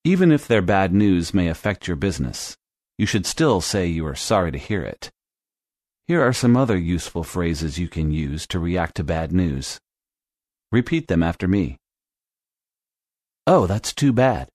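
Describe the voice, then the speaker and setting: A man with a very low, deep voice gives a scripted English lesson, speaking clearly and steadily. The recording is dry and close, with no room echo at all. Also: animated, darkish tone. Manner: clear, measured instructional delivery. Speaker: language teacher.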